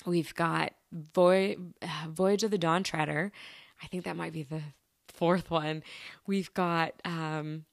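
Chatty low-voiced woman podcaster. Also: steady tone, slow pace, creaky, no room sound, clean studio sound. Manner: chatty and rambling, laughing often; addresses listeners as "you guys" and "y'all". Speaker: podcast host. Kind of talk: casual solo podcast chat.

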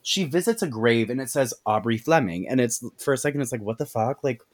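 A man hosting a podcast, giving a casual, animated movie recap full of swearing and "like"s. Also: medium pitch, a little fast. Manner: animated, profane storytelling with many "like"s. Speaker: podcast host.

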